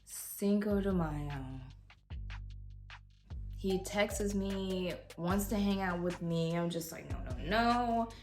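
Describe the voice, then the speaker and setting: A young woman vlogger casually telling a story at home, animated and swearing freely as she acts out what people said. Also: mid-range voice, takes it slowly, soft background music. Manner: animated, swears freely, voices others in quotes. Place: home room with a heater.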